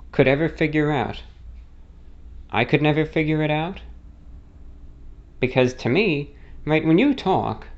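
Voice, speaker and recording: A man from the United States speaks at a medium pitch, his voice a little mellow with the highs cut off. His American accent is faintly non-rhotic, with a slightly British-like lilt. As host, he answers a listener question in a casual monologue, telling a rambling story and correcting himself as he goes.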